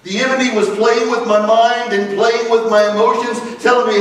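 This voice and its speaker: Echoey high-voiced preaching man. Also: little pitch movement, fairly quick, few pauses, fairly bright tone. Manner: preaching with rising emphasis, calling for amens. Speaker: pastor. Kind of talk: sermon. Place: church sanctuary. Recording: very echoey church hall, mic at a distance.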